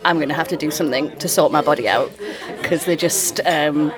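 A woman's voice: low voice, brisk, crowd noise. A woman from a yoga studio, answering interview questions in a friendly way with fillers. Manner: friendly, explains at length with fillers. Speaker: yoga studio owner, podcast guest.

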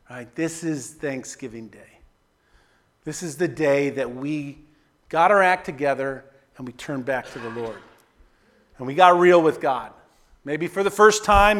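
High-voiced man preaching a sermon. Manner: energetic preaching, rising loud on exhortations, dropping soft on quoted prayers; conversational asides with repeated "right?". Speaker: pastor.

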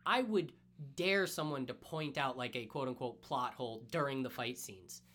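A man co-hosting a podcast, excitedly retelling a story in casual chat and swearing freely. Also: medium pitch, normal speed. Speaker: podcast co-host. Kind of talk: casual anime recap chat.

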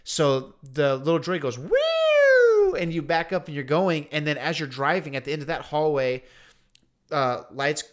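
A man with a slightly higher voice for his sex, chatting casually on a podcast. He tells a story in an animated, laid-back way, full of slang. He acts out other people's lines as he goes. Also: normal speed. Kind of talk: casual chat.

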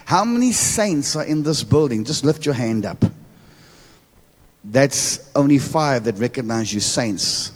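A man's voice: mid-range voice, expressive, measured pace. A man with a South African accent preaching a church sermon as a guest prophet, repeating words and calling for amens with playful asides. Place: church hall. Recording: long reverb of a church hall.

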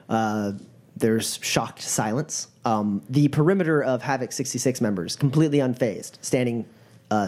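A game master narrating a tabletop game in a casual, quick manner, with many fillers. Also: medium pitch, a little mellow.

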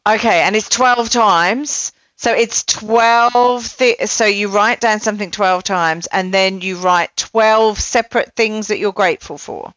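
A woman's voice: medium pitch, a little slow, hardly any pauses, fairly bright tone, no echo. Woman podcast host, rambling and chatty, lo-fi dry recording. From not Australian. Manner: chatty, self-deprecating, many fillers. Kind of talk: casual chat. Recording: dull dry lo-fi sound.

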